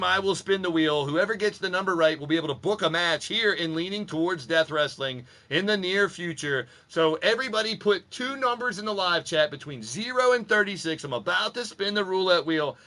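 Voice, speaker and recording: A man's voice: a little high, bright, forceful tone, a little hiss or hum. A man hosting a live stream of simulated wrestling, chatting with viewers in a loose, profane, playful way. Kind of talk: casual live-stream commentary.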